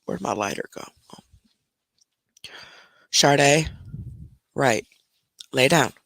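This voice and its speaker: A woman's voice: very deep voice, animated, very slow, fairly bright tone, no room sound. A middle-aged woman chatting casually on a home live stream, talking to her viewers and breaking off to scold her dog. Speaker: livestream host. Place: at home, indoors. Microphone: desk microphone close up.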